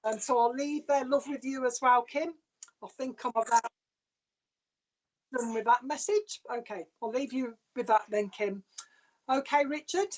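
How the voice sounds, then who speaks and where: A woman's voice: fairly high pitch, moderate pace, pauses often. A woman giving a chatty live-stream psychic reading, passing on messages loosely with lots of fillers. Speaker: psychic medium. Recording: dull lo-fi stream sound.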